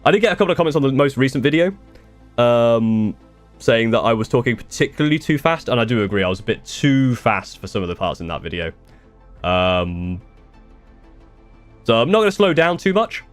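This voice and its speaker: A man's voice: medium pitch, very animated, fairly quick, faint music behind. A young man chatting casually on a live stream, answering viewer questions in a rambling way with restarts and the odd swear. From United Kingdom.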